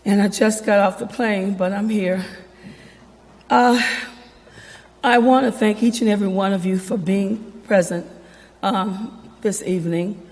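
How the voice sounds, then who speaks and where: A woman's voice: mid-range voice, steady tone, unhurried, long pauses. A woman speaking at a public event, her voice congested from allergies, a bit breathless and informal. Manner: warm, slightly breathless, informal. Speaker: foundation representative. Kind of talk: public remarks. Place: event hall. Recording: long hall reverb.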